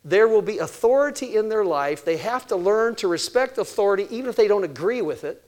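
An older man giving a sermon-style talk on parenting, animated, asking his listeners questions and answering them himself. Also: high-pitched, fairly quick. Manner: animated, acts out family conversations. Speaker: parenting speaker.

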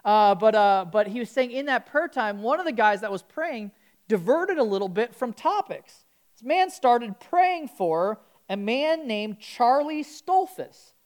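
Her pitch fairly high and her pace a little slow, a woman delivers a conversational, casual sermon in church. Words frequently get restarted, and she becomes animated as her story unfolds.

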